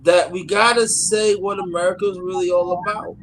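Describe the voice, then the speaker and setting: A man's voice: high-pitched, steady tone, moderate pace, a bit bright, low-quality recording. A man with a New York accent, talking emphatically in a casual podcast discussion and often stammering and repeating words.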